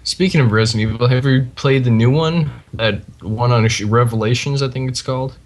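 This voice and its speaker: A man's voice: medium pitch, fairly quick. A young man co-hosting a gaming podcast, joking and teasing the others. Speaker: podcast co-host. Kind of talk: casual gaming chat.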